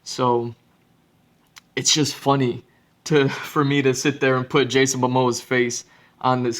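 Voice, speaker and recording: Flat-voiced man rambling on a podcast. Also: mid-range voice. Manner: rambling, with many fillers and restarts. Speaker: podcast host. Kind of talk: casual monologue.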